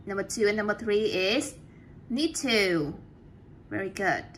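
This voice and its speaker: A woman's voice: medium pitch, animated, a bit bright, slight background noise. A woman teaching an English class, patiently checking answers and praising students often. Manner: slow, patient.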